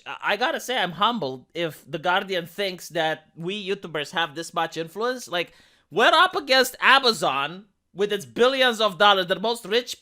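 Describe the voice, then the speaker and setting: Youtuber going off on a rant, emphatic and sweary, bright edgy tone. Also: mid-range voice. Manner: emphatic, profane, sarcastic. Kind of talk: ranting video commentary.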